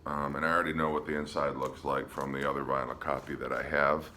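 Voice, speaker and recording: A man casually showing his record collection on a vlog, relaxed and hesitant, with frequent ums. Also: extremely low pitch, fast, slight background noise. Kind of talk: casual show-and-tell vlog.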